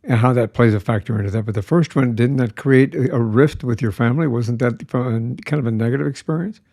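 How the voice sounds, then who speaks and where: A man's voice: medium pitch, fairly quick, vocal fry, darkish tone, no echo, clean studio sound. A man hosting a podcast, reacting to his guest and asking follow-up questions. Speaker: podcast host. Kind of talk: interview questions.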